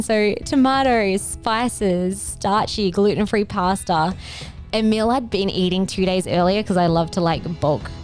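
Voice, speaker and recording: Earnest woman telling a health story. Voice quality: earnest, emotional. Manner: expressive, rising into pitch when moved. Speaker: functional medicine podcast host. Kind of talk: personal health story monologue.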